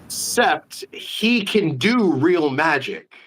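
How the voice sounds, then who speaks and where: A man hosting a casual live-stream interview, an animated storyteller full of quick asides. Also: a little high, breathy edge. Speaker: magician, host.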